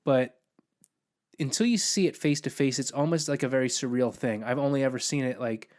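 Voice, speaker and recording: A man with an ordinary mid-range voice speaks on a casual podcast. He tells stories bluntly and vividly and stays animated throughout. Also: mid-range voice, a little fast. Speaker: podcast host.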